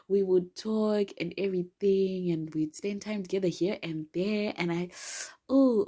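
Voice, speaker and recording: A woman's voice: on the low side, steady tone, unhurried, dark tone. A young woman from Zimbabwe hosting a podcast, telling a personal story in a playful, giggly, dramatic way that drops now and then into whispers. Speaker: podcast host. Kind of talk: casual storytelling monologue.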